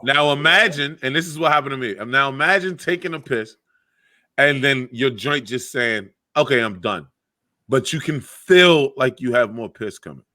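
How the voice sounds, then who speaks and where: A man's voice: medium pitch, normal speed, bright, forceful tone. Profane rambling male podcast host. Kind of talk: crude casual banter.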